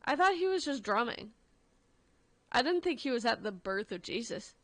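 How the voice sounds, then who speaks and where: A woman's voice: fairly high pitch, very animated, normal speed, fairly bright tone, no echo. A woman radio host chatting casually on air in a wry, chatty way. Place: radio studio.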